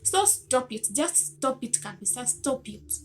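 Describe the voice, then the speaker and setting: A woman speaks straight to the listener in a motivational self-help talk. Her voice sits a little high, and she sounds earnest and coaxing as she presses gentle rhetorical questions. Soft music plays faintly underneath. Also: lively intonation, measured pace.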